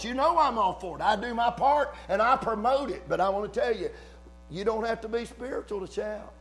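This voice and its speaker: A man preaching a fervent sermon in church, rising to shouts between folksy asides. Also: high-pitched, expressive, fairly quick.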